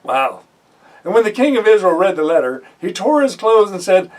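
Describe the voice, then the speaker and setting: Very animated and moderately paced, this Bible teacher's high-sitting voice reads a scripture passage before breaking off to comment in a conversational way. Fillers and self-corrections come often, and the low-quality recording was made from a distance.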